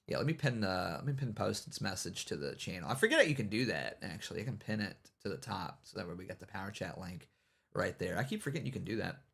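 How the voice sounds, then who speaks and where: A man's voice: deep voice, animated, fast, creaky, a bit bright, slightly rough. A man hosting a livestream, giving casual, rambling commentary and mocking people, with many repeated "you know what I mean"s. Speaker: livestream host.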